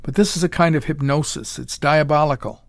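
A man's voice: a little high, brisk, creaky, no echo, clean studio sound. A man voicing a desperate, cornered male hero who speaks in an urgent, strained way.

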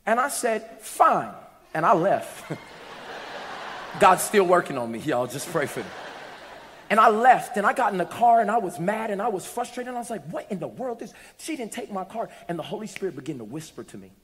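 High-voiced preacher in a reverberant hall. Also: male voice, sing-song, fast talker, hardly any pauses, slight background noise. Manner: storytelling preacher, dynamic, shouting at peaks. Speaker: pastor. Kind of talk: sermon. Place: church hall with congregation.

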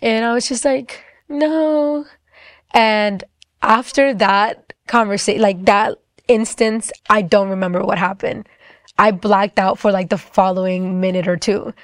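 A woman's voice: medium pitch, fairly even intonation, dry recording. Young woman telling her testimony, dry sound. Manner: casual, fast-paced, lots of "like", acts out quoted voices. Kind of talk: personal testimony storytelling.

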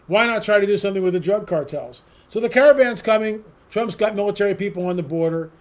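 A man whose voice is notably high talks fast in a direct-to-audience opinion monologue. As host of a political talk show, he's sarcastic and emphatic, stacking up rhetorical questions.

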